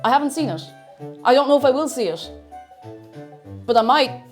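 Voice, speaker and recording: A woman streaming live, chatting casually and bubbly, loudly greeting her chat and chanting playfully. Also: high voice, expressive, normal speed, soft background music.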